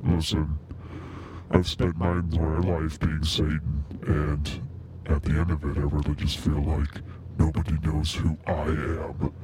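A man's voice: rumbling low, level tone, measured pace, darkish tone, slight background noise, voice pushed down. A man using a voice modulator to play a whiny, insecure male Satan who complains about having feelings in a comic podcast bit. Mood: self-pitying. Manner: complaining, self-pitying.

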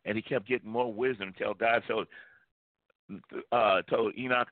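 A man's voice: on the low side, steady tone, moderate pace, no echo. Man preaching over a tinny line. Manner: emphatic preaching, repeats key phrases. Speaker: pastor. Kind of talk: sermon. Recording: tinny phone-like line, dry.

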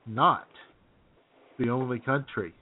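A man's voice: medium pitch, slow. A man co-hosting a comedy radio show, playful and teasing, laughing easily. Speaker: co-host. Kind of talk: casual comedy radio banter. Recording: tinny phone-like sound.

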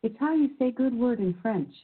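Synthetic lady voice reading trivia clues, kinda husky, tinny like a phone. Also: on the high side, lively intonation, moderate pace. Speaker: quiz game voice assistant. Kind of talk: synthesized quiz clue reading.

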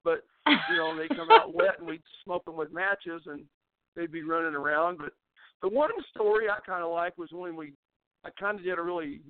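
An older man, telling rambling folksy stories as an interview guest and often restarting his sentences. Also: sits high. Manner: rambling folksy storyteller, frequent restarts, laughs at his own tales. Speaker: interview guest, former baseball pitcher. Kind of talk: storytelling in a casual interview. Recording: tinny phone line.

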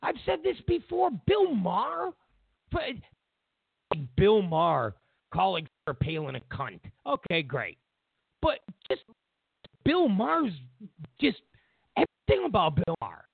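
A man's voice: sits high, wildly swooping pitch, measured pace, creaky, pauses often, slightly rough, dry recording. A man hosting a political commentary show, ranting in an incredulous way and repeating himself as he builds his points. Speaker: host. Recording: tinny phone-like dry sound.

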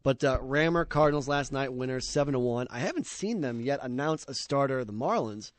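A man hosting a casual sports radio talk show, brisk and joking with his guest. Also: mid-range voice, animated, no echo. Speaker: radio host.

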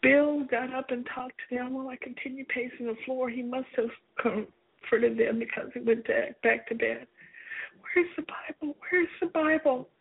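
A woman's voice: on the high side, flat delivery, normal speed, gravelly, breathy edge. A woman earnestly reading aloud from her own memoir, telling it with emotion. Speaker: author reading her book. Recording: tinny phone-like sound.

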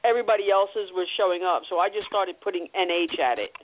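A woman's voice: fairly low pitch, fast talker. A woman co-hosting a casual call-in show, giving helpful tips. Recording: tinny phone-line audio.

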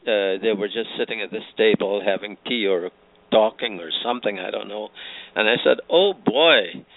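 An older man from Guyana chats as a guest, telling gently humorous anecdotes. His voice is fairly low and sounds dry and close. It comes through a narrow, phone-like line. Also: fairly even intonation, a little fast, no echo. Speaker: guest author. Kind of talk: casual chat.

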